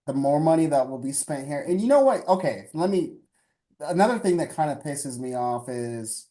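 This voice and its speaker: A man's voice: fairly high pitch, expressive, mellow. A man co-hosting a casual podcast, speaking emphatically with frequent restarts and some swearing. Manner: emphatic, halting, with restarts and profanity. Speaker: podcast co-host. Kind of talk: casual political podcast chat.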